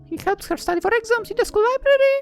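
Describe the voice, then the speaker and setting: A woman voicing a bubbly, excitable young heroine in a visual novel, with a high, gushing, squealy delivery. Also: fast, soft background music. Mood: excited. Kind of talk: visual novel read-aloud.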